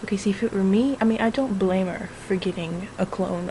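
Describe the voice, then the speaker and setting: Woman vlogger, casual and crude, giggling recap, mid pitch. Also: fairly quick, noisy background. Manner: giggly, profane, keeps breaking into laughter. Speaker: vlogger reviewing a film.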